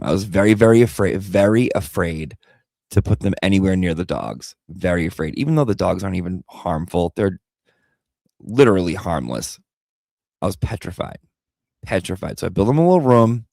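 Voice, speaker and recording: A man with a fairly low, gravelly voice tells a personal story in a loose, candid way, repeating words and swearing now and then. The sound is dry and close, with no room echo. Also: a little mellow. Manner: candid and emotional, with frequent repeats and casual swearing. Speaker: vlogger and pet owner.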